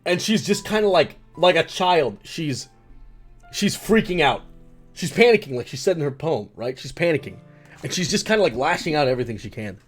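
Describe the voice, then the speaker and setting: A woman streaming a game, rambling excitedly as she theorizes about the story. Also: deep voice, moderate pace, faint music behind. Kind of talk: let's play commentary.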